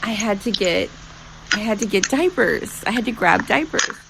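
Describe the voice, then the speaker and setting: Woman co-host, casual chat, hesitant and rambling, gravelly voice, noisy background. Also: medium pitch, animated, normal speed. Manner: hesitant, rambling with many restarts. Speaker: podcast co-host. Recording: noisy room ambience.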